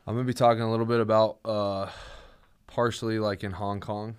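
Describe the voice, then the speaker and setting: A man's voice: fairly low pitch, flat delivery, a little fast, smooth. A young man co-hosting a podcast in casual chat, laid-back and full of "dude" and "like". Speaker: podcast co-host. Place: podcast studio.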